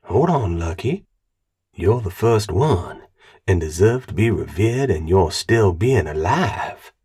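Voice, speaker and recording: A man voicing a teasing veteran male soldier who speaks slowly and dryly. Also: sits low, animated, mellow, husky, full character voice. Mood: mock-solemn.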